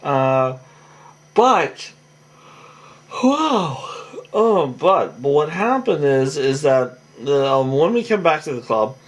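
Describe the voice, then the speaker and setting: A man's voice: a little high, very animated, takes it slowly, pauses often. A tired man recapping a reality show in a rambling, casual monologue full of fillers and restarts.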